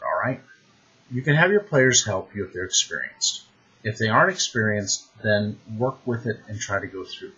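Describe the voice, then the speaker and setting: A man who runs tabletop games, giving animated, conversational advice with frequent restarts. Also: lowish voice, slightly rough. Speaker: game master. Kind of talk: advice talk to the camera. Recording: dull lo-fi recording.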